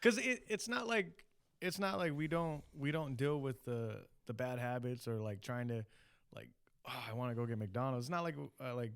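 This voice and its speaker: A man's voice: mid-range voice, moderate pace, clear, resonant tone. A man hosting a podcast in casual, slangy chat, repeating his points for emphasis. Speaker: podcast host.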